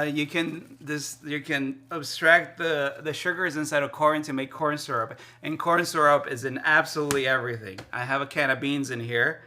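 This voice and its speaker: A man chatting casually to his stream while cooking in his kitchen, excitable and rambling, often repeating himself. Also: fairly high pitch. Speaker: live streamer. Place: home kitchen.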